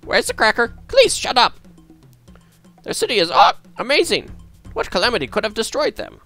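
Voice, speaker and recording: A man's voice: very high voice, wildly swooping pitch, normal speed, sharp tone, soft background music, voice pushed up, heavily acted. A man voicing a parrot that squawks and mimics a mad scientist with a mock German accent. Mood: squawking, theatrical.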